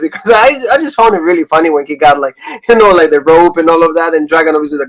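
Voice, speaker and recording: A man's voice: on the high side, poor audio. Man hosting a loose wrestling podcast chat. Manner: loose, filler-heavy talk with quick recaps. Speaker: wrestling show host.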